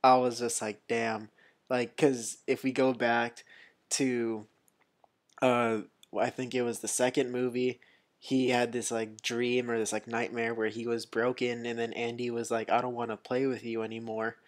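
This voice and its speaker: A man's voice: medium pitch, a little slow. Rambling man on a movie podcast. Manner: relaxed, rambling, filler-heavy. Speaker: podcast co-host. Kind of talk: casual chat.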